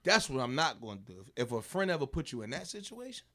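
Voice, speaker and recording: A man's voice: medium pitch, big pitch swings, fast talker, sharp tone. A man telling a story in casual chat, loose and rambling, full of fillers, acting out what people said. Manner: loose, drawling storyteller, lots of fillers, acts out quotes.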